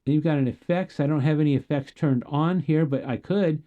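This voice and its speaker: A man's voice: a little high, a little fast, phone-quality sound. A man giving a casual, jokey demo of audio gear as a reviewer, asking the listener questions as he goes. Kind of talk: product demo talk.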